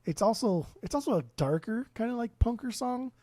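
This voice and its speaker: A man's voice: very high voice, lively intonation, brisk, darkish tone, no room sound. A man co-hosting a casual music podcast, blunt and swearing freely, often restarting his sentences. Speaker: podcast co-host.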